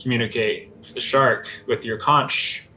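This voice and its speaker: A man's voice: medium pitch, steady tone, a little slow, pushed and bright. A man playing a tabletop game, cautiously asking questions about the scene. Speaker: player. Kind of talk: casual tabletop play. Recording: dull, slightly muffled sound with faint noise.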